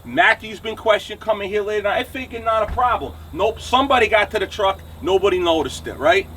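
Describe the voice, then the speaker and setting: A man's voice: high-pitched, fairly quick, fairly bright tone, distant mic, slight background noise. A man in his forties with a New Jersey accent, ranting angrily and bluntly to camera outside his truck shop, swearing and punctuating with "okay?" and "right?". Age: 40s. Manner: angry, profane, blunt, keeps asking "okay?" and "right?". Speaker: trucking channel host. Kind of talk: angry to-camera rant.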